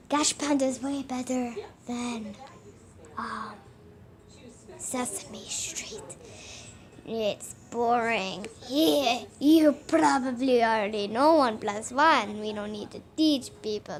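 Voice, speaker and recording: Slow, high-voiced goofy woman. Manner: playful, goofy and rambling. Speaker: channel host. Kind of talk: silly toy skit vlog.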